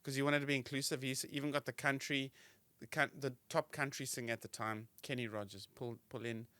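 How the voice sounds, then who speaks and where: Male comedy podcast co-host with a bright, bouncy delivery, recorded dry and close. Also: mid-range voice, fairly quick, dry recording. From South Africa. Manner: animated, joking, slips into silly voices. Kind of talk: casual comedic banter.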